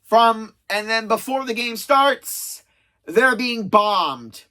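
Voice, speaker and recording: A chatty reviewer in their thirties with a bright, forceful voice, counting down favourite episodes. The talk wanders and restarts, with a dry, sarcastic edge throughout. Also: mid-range voice, lively intonation, slow pace. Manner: chatty, self-described sarcastic, rambling with restarts. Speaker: video reviewer. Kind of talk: casual spoken episode countdown.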